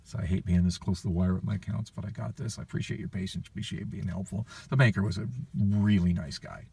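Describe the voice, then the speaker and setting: Fed-up guy ranting on his phone vlog, raspy and a little far from the mic. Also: fairly low pitch, fairly even intonation, fast, a little mellow. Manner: frustrated, profane, weary venting. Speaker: vlogger. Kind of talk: rambling personal vlog story.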